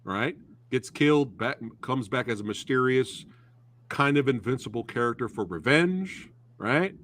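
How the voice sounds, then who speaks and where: A man hosting a casual movie review chat, excitable and slangy, calling his guest dude and bro. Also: mid-range voice, measured pace. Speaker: host. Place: live stream, reading chat.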